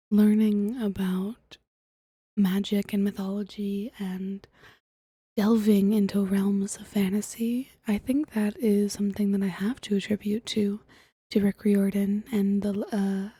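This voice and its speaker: Soft whispering young woman, breathy. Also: medium pitch, dry recording, clean studio sound. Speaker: streamer reading a book aloud. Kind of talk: whispered ASMR reading.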